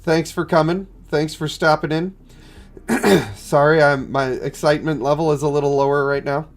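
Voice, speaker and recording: A stuffed-up man live-streaming a mobile game, chatting in a low-key way and answering his chat. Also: steady tone, moderate pace. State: congested, stuffed up. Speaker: gaming streamer.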